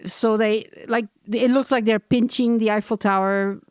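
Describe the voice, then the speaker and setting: A woman hosting a casual podcast interview, chatty and quick to laugh as she tells anecdotes. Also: on the high side, fairly even intonation, clear, resonant tone, dry recording. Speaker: podcast host.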